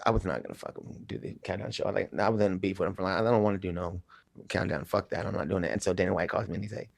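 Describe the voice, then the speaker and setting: A man's voice: deep voice, rapid-fire, vocal fry, no echo, studio quality. A man casually telling a story in an interview, profane, laid-back and a bit mumbly. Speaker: interview guest.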